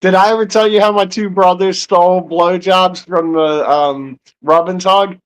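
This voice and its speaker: High-pitched man spinning a rowdy tale for friends. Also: fairly even intonation, moderate pace. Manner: rowdy storyteller, crude humor. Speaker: friend telling a story. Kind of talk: casual banter.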